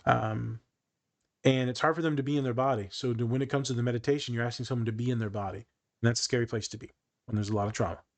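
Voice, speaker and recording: A man's voice: medium pitch, steady tone, fast. A young man hosting a podcast, chatting casually and joking, with casual swearing. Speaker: podcast host and therapist. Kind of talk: casual chat.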